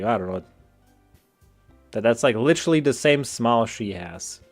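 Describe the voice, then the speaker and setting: Stammering, lively male gaming streamer. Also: mid-range voice, moderate pace, pauses often, faint music behind. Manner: stammering, rambling, jokey. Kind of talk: casual gameplay commentary. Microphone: desk mic with face cam.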